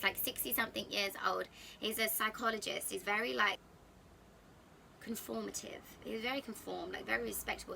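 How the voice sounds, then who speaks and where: A young woman, telling a personal story to camera in a chatty, candid and expressive way, sitting on a sofa at home. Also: on the high side, creaky, a little hiss or hum. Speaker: vlogger.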